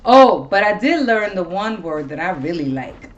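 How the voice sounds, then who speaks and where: Seorang wanita paruh baya yang mengobrol santai dan bertele-tele sebagai pembawa acara podcast, sering mengumpat dengan gaya yang hidup. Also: female voice, mid-range voice, normal speed, hardly any pauses, highs cut off. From Ohio. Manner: swears a lot, rambling and animated. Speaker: podcast host. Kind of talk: casual chat.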